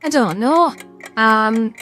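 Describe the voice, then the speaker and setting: British girl streamer, high voice, chatty and swears a bit, reads quiz stuff out loud, faint music behind. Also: animated, slow pace. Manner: chatty and self-mocking, swears and stumbles over hard words. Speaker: streamer hosting a quiz game. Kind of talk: casual live-stream chat, reading quiz questions aloud.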